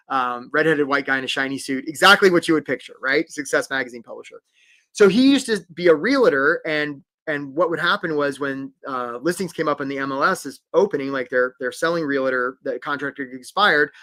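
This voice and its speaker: A man hosting a live career-coaching webinar, animated and emphatic, often tagging "right?" and acting out little bits of dialogue. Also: a little high.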